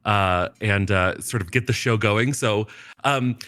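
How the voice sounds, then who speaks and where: Bright-voiced man playing a tabletop game. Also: on the low side, a little slow. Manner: hesitant, thoughtful with fillers. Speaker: player. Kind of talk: casual tabletop play.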